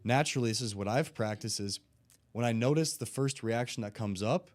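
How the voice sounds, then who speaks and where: A man, a guest and life coach, talking in a casual conversation as an animated storyteller who swears casually. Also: mid-range voice, brisk. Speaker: guest, life coach and former football player.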